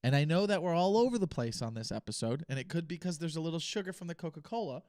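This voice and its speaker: Male podcast host, young adult, slightly high, smooth voice, dry close mic, rambling solo talk. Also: animated, a little mellow, no room sound. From United States. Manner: rambling, thinks aloud with pauses and restarts.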